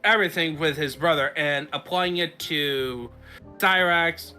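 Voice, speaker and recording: A man hosts a casual podcast, recapping a story in a loose, rambling way full of fillers and restarts. His voice sits a little high and sounds forceful. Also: unhurried, clean tone, soft background music. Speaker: podcast host.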